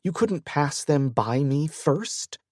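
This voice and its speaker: A stern, impatient pregnant wife, as a male narrator puts her on, her voice lifted a little higher. She speaks slowly, in a dry, close audiobook recording. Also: lively intonation, a little mellow, no room sound. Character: exasperated woman, pregnant estranged wife.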